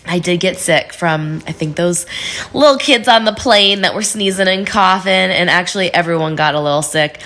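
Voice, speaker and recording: A woman's voice: on the low side, normal speed, a bit bright. Nasal, congested woman vlogger. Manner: chatty, upbeat, many fillers. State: stuffy nose from a cold. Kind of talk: casual vlog chat.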